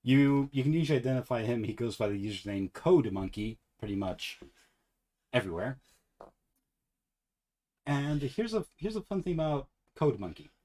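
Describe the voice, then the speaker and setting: A man hosting a casual podcast, telling a story in an animated way and laughing often. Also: medium pitch, normal speed, long pauses. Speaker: podcast host.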